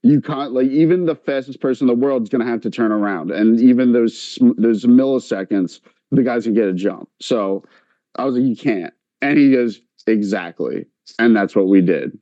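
A man's voice: medium pitch, normal speed, no room sound, lo-fi sound. A man on a podcast telling a long story in casual chat, full of filler likes and quoting others as he goes. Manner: animated, many filler likes, quotes others in voices.

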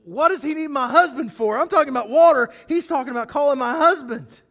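A man's voice: extremely high pitch, quick pace, gravelly, a bit bright, full character voice. A man voicing a puzzled, defensive woman at a well, asking rambling, baffled questions.

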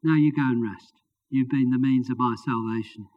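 A man voicing a badly wounded young man near death, speaking quietly and weakly in a read-aloud story. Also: medium pitch, steady tone, normal speed, lightly acted. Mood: weak, pleading. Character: dying wounded young man, weak and pleading. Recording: dull lo-fi recording.

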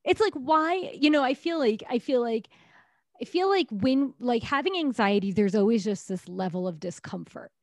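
A woman co-hosting a podcast, chatting casually and giving steady supportive responses. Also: fairly high pitch, moderate pace, dry recording. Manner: supportive listener with frequent backchannel responses. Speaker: podcast co-host. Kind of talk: casual conversation.

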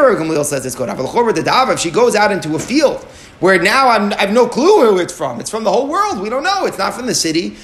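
Gravelly man explaining Talmud. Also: on the high side, a little hiss or hum. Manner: explains step by step, asking and answering his own questions; mixes Aramaic and Hebrew terms into his explanation. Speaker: Talmud teacher. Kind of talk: Talmud study lesson.

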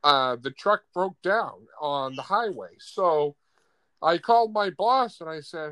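A man hosting a podcast, telling a profane story in an animated casual chat. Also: a little high, unhurried, no room sound. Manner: animated, profane, laughs often.

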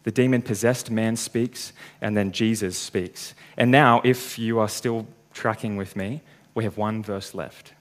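A man's voice: fairly low pitch, fairly even intonation, measured pace. A man preaching a sermon, working through a passage step by step and reading the scripture aloud.

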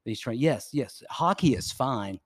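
A man's voice: mid-range voice, lively intonation, a little slow, dry recording, studio quality. A man co-hosting a comedy podcast, riffing and cracking jokes in casual banter. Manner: joking, riffing.

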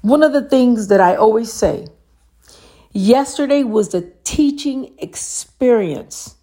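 A woman's voice: a little high, expressive, takes it slowly, dark tone. A woman giving an earnest motivational talk, asking the listener pointed questions. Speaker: motivational speaker.

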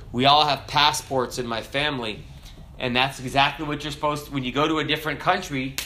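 A middle-aged man preaching a sermon as pastor, animated and emphatic, swinging his delivery up and down. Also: medium pitch.

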